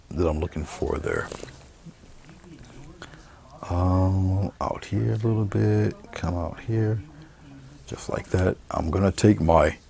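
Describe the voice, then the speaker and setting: A man giving a painting demonstration, talking through each brushstroke in a relaxed, murmured way. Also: low voice, gravelly, husky. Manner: relaxed, murmured step-by-step commentary while painting. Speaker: painting instructor.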